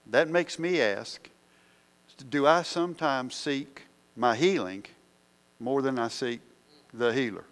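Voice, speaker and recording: A man's voice: medium pitch, slow, pauses often, a bit bright. A man preaching a sermon, asking the congregation questions as he works through the verses.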